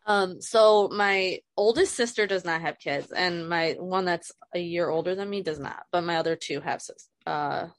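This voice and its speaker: A woman's voice: on the low side, normal speed, few pauses, no echo. A woman in her thirties, a guest speaking frankly and emotionally about loss, swearing casually, on a video call. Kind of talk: candid personal conversation.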